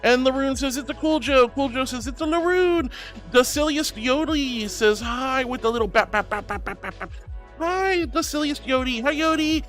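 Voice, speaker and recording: A man's voice: very high-pitched, moderate pace, fairly bright tone, soft background music. A man streaming live as a VTuber, reading out viewer messages and thanking them in a gushing, giggly way.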